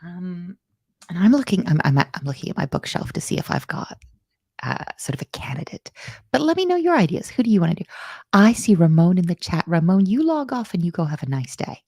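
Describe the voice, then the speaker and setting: A woman's voice: fairly low pitch, sing-song, fairly quick, dark tone, no echo. Chatty woman teaching livestream. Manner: chatty, self-mocking, reads chat aloud. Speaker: coding instructor hosting a livestream. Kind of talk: casual live coding lesson.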